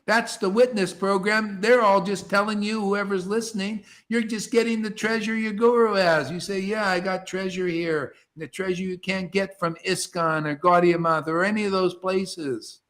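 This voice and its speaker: A man giving an impassioned devotional talk to an online group, preachy and fervent, swinging between soft asides and loud exclamations. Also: high voice, fairly even intonation, moderate pace, few pauses. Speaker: spiritual teacher leading an online satsang. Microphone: video call.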